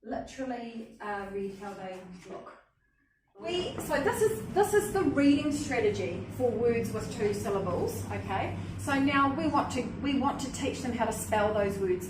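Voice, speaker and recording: A woman leading a hands-on teaching workshop as a literacy trainer, upbeat and often checking in with "okay?" and "cool?". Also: on the high side. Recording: echoey room, mic at a distance, faint noise.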